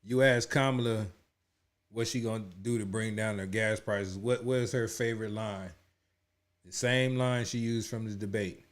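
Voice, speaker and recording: A man hosting a casual live reaction stream, speaking bluntly with plenty of slang. His voice sits a bit low. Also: steady tone, moderate pace.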